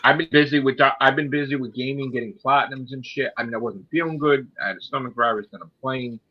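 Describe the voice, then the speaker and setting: Husky american guy venting and cussing, kinda muffled lo-fi sound. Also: mid-range voice, quick pace. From United States. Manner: ranting, swears a lot. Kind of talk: casual chat.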